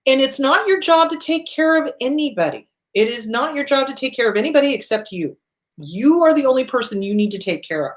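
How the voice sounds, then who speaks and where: Blunt, profane woman therapist, higher voice. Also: a bit bright. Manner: blunt and profane, emphatic repetition. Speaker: therapist and show host. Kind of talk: direct-to-camera advice talk.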